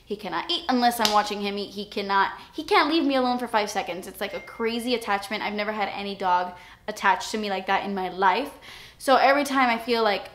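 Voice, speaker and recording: A woman's voice: mid-range voice, a little fast, a bit bright, slight background noise. A young woman vlogger talking candidly and emotionally to camera in a casual confessional chat. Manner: emotional, candid, near tears at times. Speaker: beauty vlogger.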